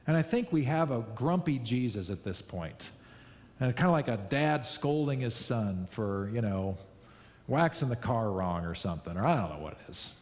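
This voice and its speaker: A man preaching a sermon, telling a story in a lively way and repeating key lines for emphasis. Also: mid-range voice, moderate pace, long reverb tail. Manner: storytelling, animated, with repetitions for emphasis. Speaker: pastor.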